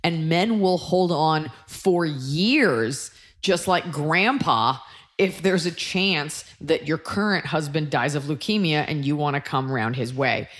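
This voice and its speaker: A woman in her thirties co-hosting a casual advice chat, blunt and emphatic with quick asides. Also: low-pitched. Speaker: podcast co-host giving advice.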